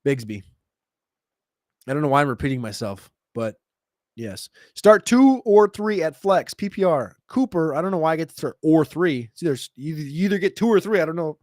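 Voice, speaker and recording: A man hosting a casual livestream Q&A, answering viewer questions in a quick, chatty way with sudden jumps in pitch. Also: animated, a little mellow, no room sound, studio quality. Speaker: fantasy football show host.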